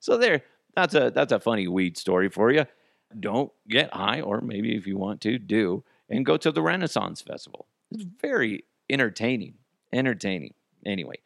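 Laid-back man, lively rambling storyteller. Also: vocal fry, no echo, studio quality. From Colorado. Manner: rambling, laughs often, acts out quotes; reads ad copy in a hyped pitch. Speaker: podcast host. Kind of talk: casual storytelling podcast.

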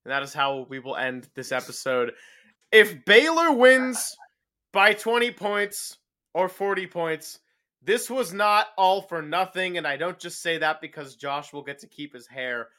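Excited young man with a bright high voice. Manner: excited, quick-talking wrap-up. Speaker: podcast host. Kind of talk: casual podcast chat.

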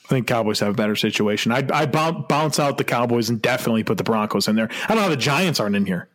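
Lively, laughing male podcast co-host. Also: mid-range voice, rapid-fire. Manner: laughs often, hesitant restarts. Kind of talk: casual sports chat.

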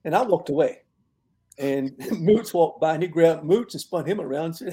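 An older man, a longtime football coach, telling relaxed stories in an interview and laughing at his own tales. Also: a little high, normal speed. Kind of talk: storytelling in an interview.

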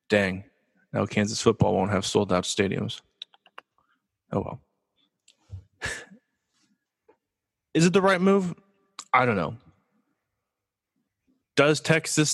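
Man, sports talk host, casual and joking, mid-pitched voice, reverberant room. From Los Angeles, USA. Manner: casual, joking, lively with rhetorical questions. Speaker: podcast host. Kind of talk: solo sports talk show.

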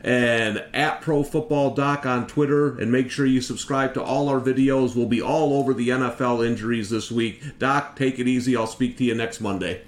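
A man hosting a casual podcast chat, upbeat and quick to laugh. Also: mid-range voice, fairly even intonation. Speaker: podcast host. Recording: echoey room sound.

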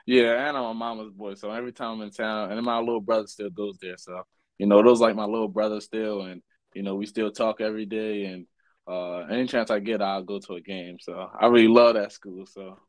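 Young man guest from Baltimore, low voice, relaxed filler-heavy answers, dry sound. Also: brisk, dry recording, rough recording. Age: young adult. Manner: easygoing, fillers like you know. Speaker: college basketball player, guest. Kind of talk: casual interview.

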